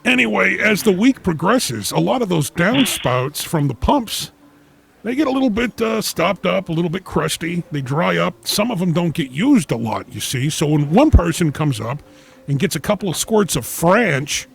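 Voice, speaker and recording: A male call-in host with a heavily gravelly, rough and raspy voice. He talks deadpan and pompous, as if lecturing the caller. His pitch moves a lot and sits a little high. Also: normal speed. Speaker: host of a comedy call-in show. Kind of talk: comedic call-in radio.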